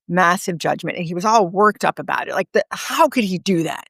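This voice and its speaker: A woman guest in a podcast interview, telling a story earnestly with emphatic pauses. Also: on the low side, expressive, gravelly, a bit bright, dry recording, studio quality. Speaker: guest author and speaker.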